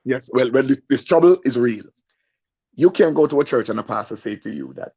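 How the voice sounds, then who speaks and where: Medium-pitched and speaking at a normal speed, a young male comedian animatedly performs a stand-up story, voicing its characters and often asking the audience questions. The recording sounds muffled and lo-fi.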